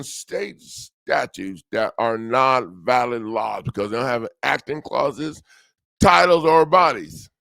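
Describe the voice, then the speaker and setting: A man's voice: mid-range voice, slow pace, vocal fry, fairly bright tone, no echo, studio quality. An older man hosts a legal self-help livestream, rambling casually and joking at himself with frequent laughs.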